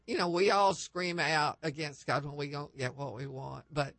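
A woman guest on a faith-based talk show, telling anecdotes with lively upward leaps in pitch and many restarts. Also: moderate pace, no room sound. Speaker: guest panelist.

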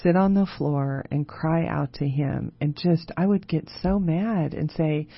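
Guest woman, lowish voice, storytelling with easy laughs, dry and slightly dull recording. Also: measured pace, no echo. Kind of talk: casual chat.

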